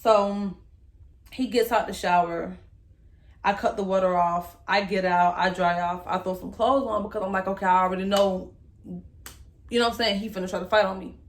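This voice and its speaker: A young woman, emotionally recounting a personal story to the camera in a candid, halting way and speaking straight to her viewers. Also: mid-range voice, fairly even intonation. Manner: candid, halting, speaks to viewers as "y'all", voice rises when reliving moments. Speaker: vlogger telling her story.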